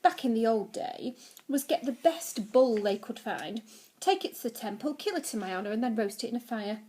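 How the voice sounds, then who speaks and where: A woman's voice: fairly high pitch, expressive, moderate pace, dark tone, natural voice. A woman voicing a sulky, vain male Greek god who talks in a huffy, demanding way. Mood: boastful.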